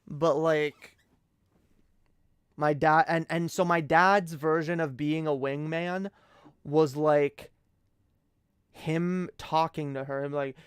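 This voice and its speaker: A young man with a somewhat high, smooth voice rambles through a late-night stream story. He swears freely and keeps tripping into restarts, and the sound is dry and close. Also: fairly even intonation, slow, dry recording. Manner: rambling, profane, many restarts.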